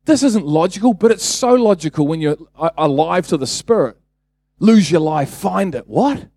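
A man's voice: fairly high pitch, expressive, normal speed, warm tone, no room sound, studio quality. A man preaching a casual sermon, talking conversationally, then building to emphatic bursts and asking the congregation rhetorical questions.

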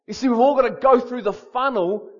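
Male preacher, lively and emphatic, higher voice, slightly muffled lo-fi sound. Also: fairly quick. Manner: animated, storytelling, emphatic repetition. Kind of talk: sermon.

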